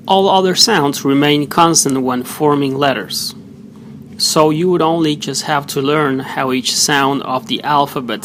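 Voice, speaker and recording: A man teaching pronunciation, slowly sounding out example words one at a time. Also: mid-range voice, fairly bright tone. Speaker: language teacher. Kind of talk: slow pronunciation lesson. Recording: noisy background hiss.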